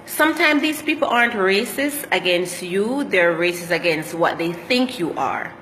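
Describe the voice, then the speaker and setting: A woman's voice: lowish voice, lively intonation, moderate pace, fairly bright tone, long reverb tail, slight background noise. A Jamaican woman telling travel stories in a casual vlog, slipping into patois as she talks. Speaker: travel vlogger.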